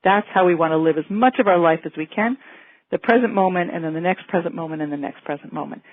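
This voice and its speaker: Female physician, lecture delivery, calm and explanatory; dry, phone-band audio. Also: fairly low pitch, fast talker, no echo, narrow, tinny audio. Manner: calm, explanatory, gently reassuring. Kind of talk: medical lecture.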